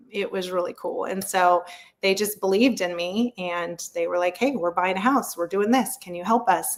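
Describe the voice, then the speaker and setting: A woman in her thirties, a real estate agent guest, telling her story in a frank, chatty way with many fillers and frequent laughs. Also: medium pitch. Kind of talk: candid storytelling interview.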